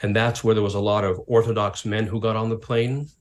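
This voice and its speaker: A man's voice: on the low side, fairly quick. A middle-aged man, a pastor and author, telling stories as a guest in an interview and acting out the voices of people he quotes. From Canada. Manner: lively anecdotes, acts out quoted voices. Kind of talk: interview storytelling.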